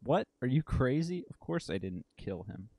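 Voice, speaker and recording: A man's voice: fairly low pitch, fairly even intonation, moderate pace, mellow, no room sound. A man reading the part of a snappy, defensive male cafeteria manager.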